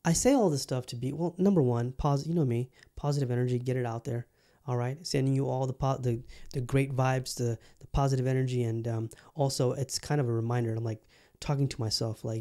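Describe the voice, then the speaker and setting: A man's voice: mid-range voice, fairly even intonation, fairly quick, mellow. Laid-back rambling male podcast host. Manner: rambling and easygoing, casual swearing, many fillers. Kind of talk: casual solo podcast chat.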